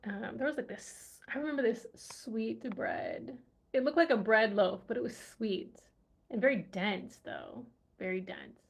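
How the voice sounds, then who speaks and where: A woman's voice: on the high side, big pitch swings, a little slow, creaky, slightly rough. A woman language vlogger chatting casually, musing aloud and laughing often as she recalls words. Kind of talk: casual livestream chat.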